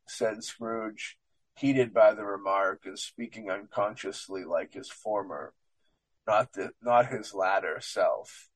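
A show presenter discusses a book, reading passages aloud haltingly with small slips, then rambling into casual commentary and often asking "you know what I mean". His voice is fairly low and slightly rough, in a low-quality recording without echo.

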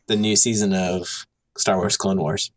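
A man's voice: low voice, level tone, unhurried. A man co-hosting a casual podcast chat, giggling and rambling on past the wrap-up. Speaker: podcast co-host.

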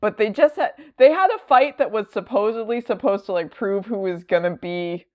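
A woman's voice: mid-range voice, expressive, normal speed, a little mellow. A woman co-hosting a podcast in casual chat, rambling with many fillers and laughing easily. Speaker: podcast co-host.

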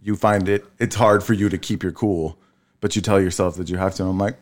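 A man in his thirties telling a family story in casual chat, tired, swearing freely and leaping up in pitch when he quotes people. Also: fast talker. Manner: animated storyteller, swears freely, jumps high when quoting. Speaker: podcast co-host.

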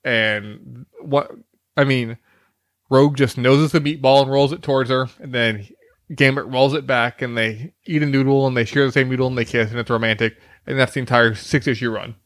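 A man's voice: mid-range voice, fairly even intonation, normal speed, a bit bright, no room sound. Rambling male podcast co-host, dry close sound. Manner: rambling, hesitant, lots of fillers. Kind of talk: casual chat.

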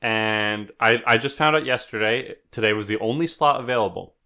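Bright-voiced man telling a story. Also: medium pitch, normal speed, clear, resonant tone. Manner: animated storytelling, swearing. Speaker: podcast co-host. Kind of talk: casual storytelling chat.

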